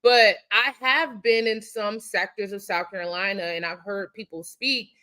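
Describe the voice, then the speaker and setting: Woman, sports beat writer, mid-range voice, thoughtful and halting delivery. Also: mid-range voice, bright, forceful tone. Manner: thoughtful, halting, many ums and restarts. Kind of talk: casual sports podcast chat.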